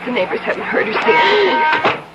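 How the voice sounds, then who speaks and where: A controlling sister in an old radio mystery, soothing but firm, her pitch moving lively. Clear noise sits under the old broadcast. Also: fairly quick, lo-fi sound. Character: calm, controlling older sister, adult woman. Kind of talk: 1970s radio drama acting.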